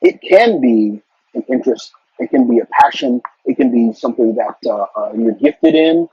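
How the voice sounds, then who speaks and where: Husky middle-aged man giving career advice. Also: mid-range voice, normal speed, warm tone, no room sound. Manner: earnest, advice-giving, with frequent repeated words. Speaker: interview guest, corporate marketing executive. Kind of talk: casual conversational interview. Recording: dull, lo-fi sound.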